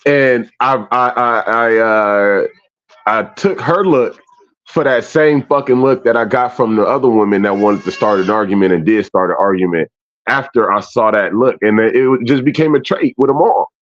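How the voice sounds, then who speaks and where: A man co-hosting a candid casual chat, telling stories animatedly and acting out his own reactions with loud swearing. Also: on the low side, normal speed, muffled recording. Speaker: podcast co-host.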